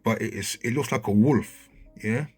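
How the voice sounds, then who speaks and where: A man with a husky, slightly rough voice talks over footage in a loose, conversational way. He grows excitable and keeps checking in with his listener. Faint music plays behind him. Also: fairly low pitch, normal speed. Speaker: video commentator. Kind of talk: casual commentary over footage. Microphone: handheld mic.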